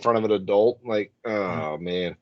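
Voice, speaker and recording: A man's voice: on the low side, measured pace, no echo, highs cut off. A man co-hosting a podcast, making crude sarcastic jokes and laughing. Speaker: podcast co-host. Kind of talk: casual comedic commentary.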